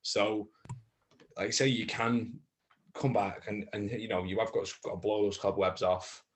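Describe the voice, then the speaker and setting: A man's voice: on the low side, fairly even intonation. A man, an actor chatting casually as a guest, full of restarts that build into emphatic advice. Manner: halting, many restarts, gets emphatic giving advice. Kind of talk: casual chat.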